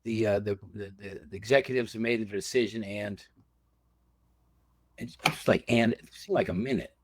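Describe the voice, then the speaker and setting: A man's voice: fairly low pitch, steady tone, moderate pace, dry recording. A man, a guest and former reality show contestant, tells stories in casual chat, acting out other people's lines with laughter.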